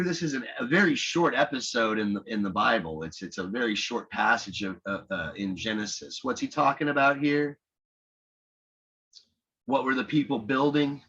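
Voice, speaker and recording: A man gives a literature lecture in a loose, rambling manner, circling back and restarting sentences. His voice is husky and mid-pitched. The recording sounds dull and lo-fi. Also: moderate pace, bright, forceful tone. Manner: conversational, rambling, frequent restarts. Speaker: teacher.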